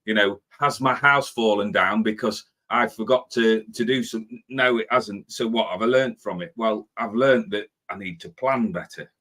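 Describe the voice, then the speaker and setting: A man in his fifties hosting a motivational talk as a spiritual life coach, lively and quick to act out his own impatient inner voice. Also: lowish voice. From Britain. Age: 50s.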